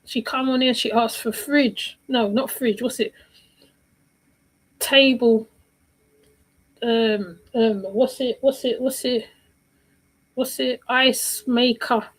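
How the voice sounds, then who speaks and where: A woman with a slightly high voice talks through a casual livestream commentary. She rambles, circles back and repeats phrases while she hunts for the right word. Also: fairly even intonation, slow, pauses often, poor audio. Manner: rambling, repeats herself, searches for words.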